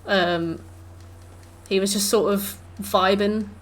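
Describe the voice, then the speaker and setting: A woman's voice: mid-range voice, fairly even intonation, takes it slowly. A woman in her twenties, a streamer chatting casually with viewers while gaming, rambling with lots of fillers.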